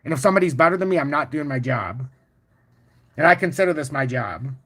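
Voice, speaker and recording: A man hosting a casual crypto livestream, walking through charts and chatting with viewers in a boastful, profane, animated way. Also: a little high, fairly quick. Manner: boastful and confident. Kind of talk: casual livestream chart talk, answering chat.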